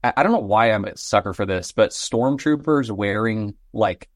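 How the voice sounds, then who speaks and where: A man's voice: fairly low pitch, moderate pace, dry recording, studio quality. A man guest on a casual podcast, talking enthusiastically and breaking off his own sentences. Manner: enthusiastic, self-interrupting. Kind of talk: casual chat.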